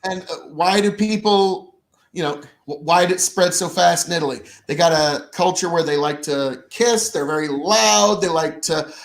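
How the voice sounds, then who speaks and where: A man co-hosting a casual podcast, talking in an animated, jokey way in quick bursts. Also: a little high, vocal fry. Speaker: podcast co-host.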